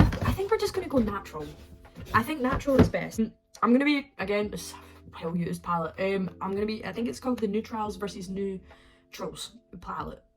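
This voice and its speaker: A woman's voice: mid-range voice, low-quality recording. Young woman, makeup tutorial vlog, rambling and self-mocking, faint music underneath. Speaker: beauty vlogger.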